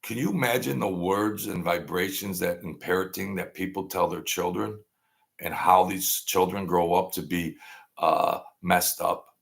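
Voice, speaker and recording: A man's voice: sits low, gravelly, a bit bright. A man in his sixties hosting a live stream, talking casually and rambling to his viewers, often digressing and laughing at his own jokes. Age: 60s.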